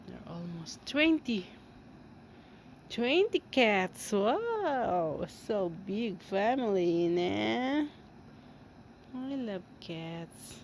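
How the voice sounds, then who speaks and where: A woman filming her cats at home, talking to them in slow, cooing baby talk and laughing often. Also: medium pitch, very animated, slight background noise. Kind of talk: casual baby talk to kittens. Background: kittens meowing.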